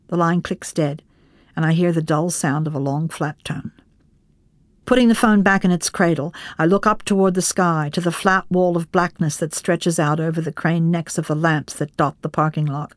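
Low-voiced woman reading an audiobook. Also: fairly even intonation, normal speed, dry recording, clean studio sound. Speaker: audiobook narrator. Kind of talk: scripted first-person narration.

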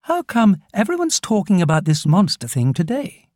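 A man's voice: sits high, wildly swooping pitch, moderate pace, darkish tone, no echo, clean studio sound, voice pushed up. A man voicing a schoolboy who speaks casually in an audiobook. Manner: casual, slightly drawling. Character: young schoolboy twin, trying to sound casual.

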